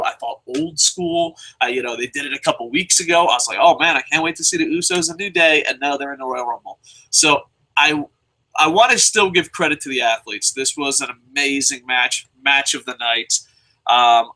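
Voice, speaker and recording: A young man hosting a show, talking in a casual, sarcastic and excitable way with lots of swearing. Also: medium pitch, rough recording. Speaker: show host reviewing. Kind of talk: casual profane commentary.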